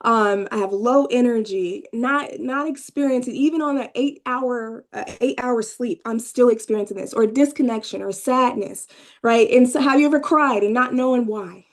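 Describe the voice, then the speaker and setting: A woman with a fairly high voice leads a workshop, chatting directly with her listeners and tossing them questions. She tags many of her points with "right?" and lifts her voice when she acts out what people tell her. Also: moderate pace. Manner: conversational, asks the audience questions, frequent "right?" tags; acts out clients' inner voices with rising pitch. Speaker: workshop presenter, therapist trainee. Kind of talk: live workshop talk to room and video call.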